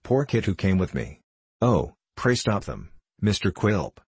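A man reading the part of a frightened, gentle young girl who speaks timidly and pleads. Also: deep voice, big pitch swings, a little slow, husky, no echo, heavily acted. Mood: pleading.

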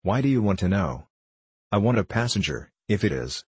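A man's voice: lowish voice, sing-song, normal speed, a little mellow, slightly rough, no echo, exaggerated voice. A man voicing a mysterious male rider who calls out evasive, guarded questions in a storybook reading.

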